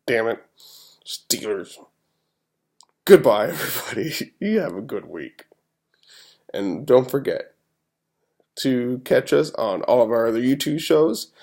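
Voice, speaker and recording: A man's voice: medium pitch, gravelly, darkish tone. A man hosting a podcast, giving his football picks in a casual, rambling way with an exasperated fan's restarts. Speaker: podcast host. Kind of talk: casual sports-picks talk.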